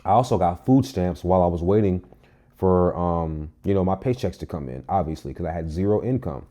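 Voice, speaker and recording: A young adult man vlogging a casual storytime monologue, animated and emphatic, with frequent profanity. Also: low voice, fairly quick.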